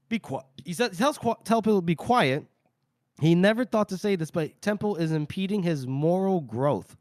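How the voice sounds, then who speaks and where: A man's voice: high-pitched, animated, a little mellow, dry recording. Guy recapping a novel on a podcast, laughs a lot, dry close mic. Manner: retells scenes with quick quoted voices, laughs often. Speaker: podcast host. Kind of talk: casual chat, recapping a book.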